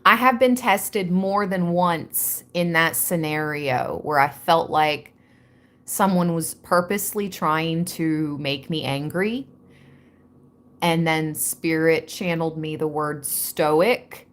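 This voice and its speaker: Hosting a tarot livestream, a woman does a live spiritual reading, chatting and laughing often as she speaks directly to her viewers. Her voice is low and slow, with a slightly bright quality.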